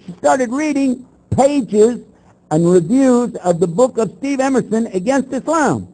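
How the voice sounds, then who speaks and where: An older man lectures as a Muslim preacher, his voice pitched high for a man. The tone is warm and mellow rather than bright. He talks bluntly, fires rhetorical questions and slips into other voices to act out his stories. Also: measured pace, low-quality recording. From Texas. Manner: animated storytelling, acts out both sides of the exchanges. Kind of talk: lecture to an audience.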